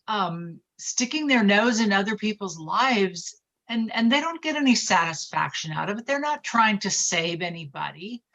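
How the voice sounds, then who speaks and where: A woman's voice: medium pitch, a bit bright, muffled recording. A woman in her sixties speaking earnestly and reflectively in a group discussion. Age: 60s. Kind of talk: conversational discussion.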